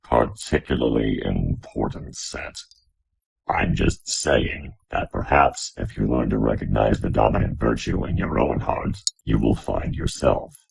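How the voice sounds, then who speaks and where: A man voicing a hovering robot orb, deep and mechanical, earnest and lecturing. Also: a little slow, gravelly, darkish tone, slightly rough, no room sound, heavily acted, low-quality recording. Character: Watcher speaking through a hovering robot orb.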